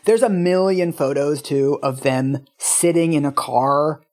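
A woman in her thirties, co-hosting a podcast, telling a story in a chatty, animated way with lots of fillers. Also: low-pitched, unhurried. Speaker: podcast co-host. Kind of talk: casual chat, storytelling.

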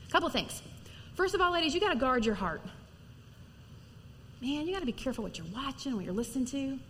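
A middle-aged woman preaching to women in a lively, conversational sermon, acting out little stories as she goes. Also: fairly high pitch, in a large hall, a little hiss or hum. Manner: lively, animated storytelling with acted-out quotes. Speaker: women's ministry speaker.

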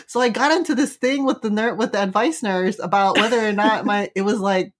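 Woman, casual storyteller, chatty, keeps asking "right?", laughs along, ordinary mid pitch. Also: brisk, hardly any pauses. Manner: chatty, tags lines with "right?" and "like"; laughs while telling the story. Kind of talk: casual anecdote.

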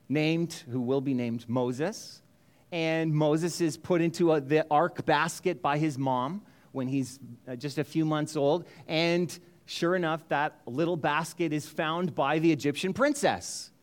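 Guy pastor preaching in church, chatty, cracks jokes, smooth clear voice. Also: a little high. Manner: casual, joking, many restarts. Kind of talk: sermon retelling a story.

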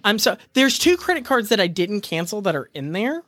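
A man's voice: sits high, sing-song, fairly quick, sharp tone, no echo, studio quality. A man co-hosting a podcast in casual chat, ranting dramatically and laughing at his own frustration. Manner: exasperated, dramatic, rants with laughter. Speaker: podcast co-host.

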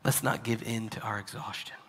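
A male pastor preaching a sermon, dropping to hushed, near-whispered lines and then rising to loud, emphatic preaching. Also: on the low side, steady tone, fairly quick, long reverb tail, slight background noise.

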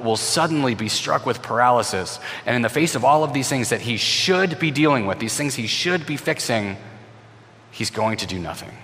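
A man retelling a Bible story with expression, speaking straight to his listeners and restarting words as he goes. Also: medium pitch. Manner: expressive, voices the characters, repeats words when restarting. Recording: long hall reverb.

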